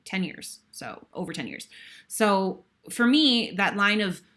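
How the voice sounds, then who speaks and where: A woman in her thirties, serving as guest host, slowly tells a stage story with a mid-range, sing-song, slightly bright voice. Her retelling is animated, emotional and breathless, punctuated by sighs.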